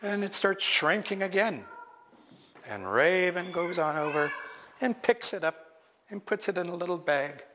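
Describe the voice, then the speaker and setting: A man telling a traditional story live in a lecture hall, slow and expressive, acting out each character. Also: high-pitched, background noise. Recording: long reverb of a lecture hall.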